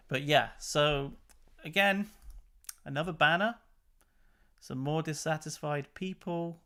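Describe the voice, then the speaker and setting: Slow guy talking over news clips, casual and fed up. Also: on the high side, bright, forceful tone. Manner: chatty and exasperated, laughs between remarks. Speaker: channel host.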